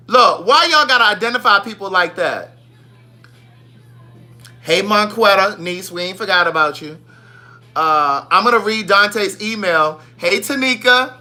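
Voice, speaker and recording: A man's voice: high-pitched, normal speed. Sassy man hosting a live stream. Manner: playful, sassy, animated shout-outs. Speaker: livestream host. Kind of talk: casual live-stream chat greeting viewers.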